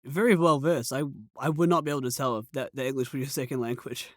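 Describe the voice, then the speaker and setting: A man's voice: mid-range voice, fast, no room sound, clean studio sound. A man from New Zealand, a voice actor guest, talking in an easygoing, encouraging and joking way in a casual interview.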